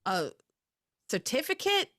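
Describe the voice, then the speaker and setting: A young woman with a fairly high voice chats on a podcast, recapping a soap opera in a lively, exasperated way. She jumps into quick acted-out quotes of the characters. Her voice is close and dry, with no room sound. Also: no room sound. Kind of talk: casual chat.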